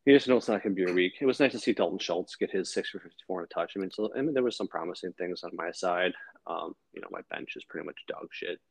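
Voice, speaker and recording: A man's voice: low voice, quick pace, vocal fry, husky, no echo, low-quality recording. A man in his thirties co-hosting a fantasy football podcast, rambling in casual chat with lots of fillers and swearing.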